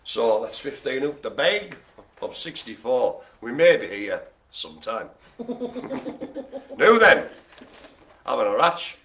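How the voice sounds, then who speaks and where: A man's voice: mid-range voice, big pitch swings, slow, pauses often, sharp tone. A man hosting a live online bingo game, jokey and teasing as he rambles through dog trivia. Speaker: bingo host.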